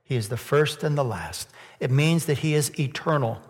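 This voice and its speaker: A male pastor delivers a sermon in a church, his voice sitting a little high. He leans on rhetorical questions and climbs to loud, emphatic peaks. The sound rings out with a long reverb from the hall. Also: animated, normal speed. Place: church sanctuary.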